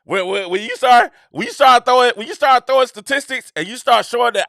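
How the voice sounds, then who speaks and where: Emphatic, high-voiced man riffing on the show. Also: expressive, brisk, gravelly, few pauses, bright, forceful tone, no echo, studio quality. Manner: repetitive, emphatic, slangy and conversational. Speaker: show host. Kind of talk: casual commentary monologue.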